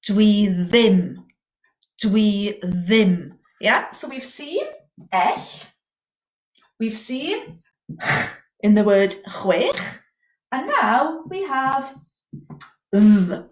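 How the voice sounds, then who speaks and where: Lively woman teaching slowly. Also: medium pitch. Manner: lively, encouraging, slow and clear for repetition. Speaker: Welsh language teacher. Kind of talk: beginner language lesson. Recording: echoey room.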